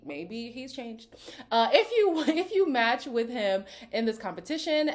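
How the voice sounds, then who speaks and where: Lively, sassy woman doing reality TV recaps. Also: a little high. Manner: chatty with sassy asides. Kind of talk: casual reaction commentary reading cast bios.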